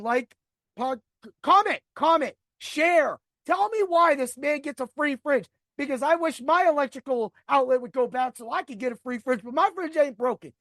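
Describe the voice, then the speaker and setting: A man's voice: very high voice, a bit bright, no echo, studio quality. A middle-aged man hosting a podcast, telling a grievance story in a profane, rambling rant. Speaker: podcast host. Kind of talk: ranting storytelling.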